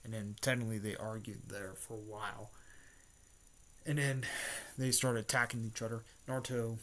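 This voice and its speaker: A man's voice: fairly low pitch, little pitch movement, moderate pace, a bit bright. Rambling man retelling a story. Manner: rambling, filler-heavy, frequent throat clearing. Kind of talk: casual rambling story recap.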